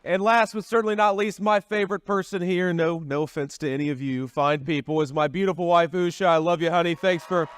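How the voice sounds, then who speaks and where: A man's voice: fairly high pitch, fairly even intonation, a little fast, few pauses, clean tone. A man giving a campaign rally speech, talking in a folksy, repetitive way with frequent restarts. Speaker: political candidate at a rally.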